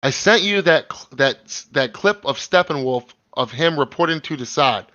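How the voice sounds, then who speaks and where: A man hosting a live stream, chatting casually in an excited, rambling, slangy way with many restarts. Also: on the high side, moderate pace, highs cut off, a little hiss or hum.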